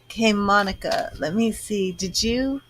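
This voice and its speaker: A woman's voice: mid-range voice, a little slow, fairly bright tone, a little hiss or hum. A woman giving a live-stream psychic reading, reassuring and chatty as she answers viewers' comments. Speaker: psychic reader.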